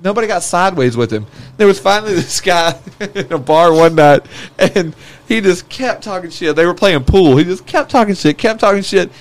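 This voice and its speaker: A man's voice: high voice, moderate pace. A man swapping rowdy stories in casual chat, often laughing as he talks. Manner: laughing, relaxed yarn-spinner.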